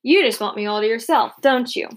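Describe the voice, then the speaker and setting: A woman's voice: on the high side, fairly quick, natural voice. A woman voicing a playful, caring teenage girl who teases and coos in an audiobook reading. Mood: teasing. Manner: teasing, cooing.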